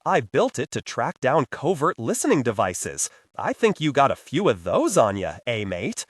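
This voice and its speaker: A man voicing a cheerful male inventor with a thick Australian accent, speaking slowly and teasingly. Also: mid-range voice, wildly swooping pitch, husky, no room sound, clean studio sound.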